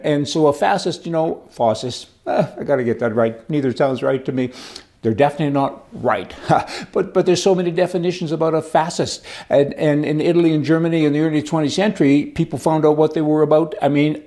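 A man's voice: fairly high pitch, warm tone. An older man giving rambling, folksy political commentary as host, with chuckling asides.

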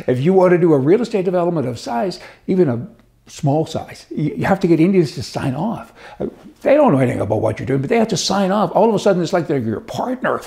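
A man's voice: on the high side, creaky, a little mellow. A man delivering a casual, sarcastic, exasperated monologue with chuckling asides. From Canada. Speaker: commentator.

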